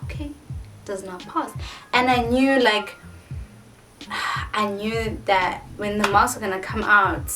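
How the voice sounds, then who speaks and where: A South African woman in her twenties, a vlogger telling a story in a casual, animated way with lots of "like". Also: medium pitch, takes it slowly, pauses often. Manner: animated, dramatic retelling with many filler likes. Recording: distant mic with faint music.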